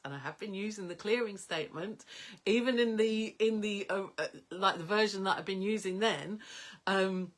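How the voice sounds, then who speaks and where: Woman, middle-aged coach, casual rambling storyteller, medium pitch, filler-heavy. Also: moderate pace. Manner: rambling, animated, many fillers, dreamy soft whispers in places. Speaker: personal development coach.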